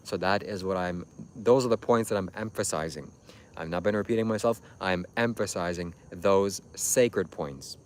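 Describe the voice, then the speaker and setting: Low-voiced man lecturing on a livestream. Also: moderate pace, a little hiss or hum. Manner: preachy, insistent, repetitive lecturing. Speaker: livestream host. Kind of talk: livestream monologue addressing chat.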